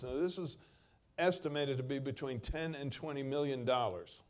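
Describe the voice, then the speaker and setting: He's a preacher with a mid-range voice who speaks at an ordinary pace. Reading scripture aloud in a dramatic style, he alternates between loud sections and quietly stressed lines.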